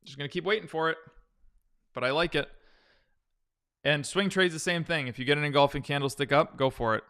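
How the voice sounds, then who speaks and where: Bright, clear-voiced male stream host. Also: fairly high pitch, a little fast, long pauses. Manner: loose and chatty, restarts sentences, answers viewer questions. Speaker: stock trading livestream host. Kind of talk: casual live-stream chart analysis.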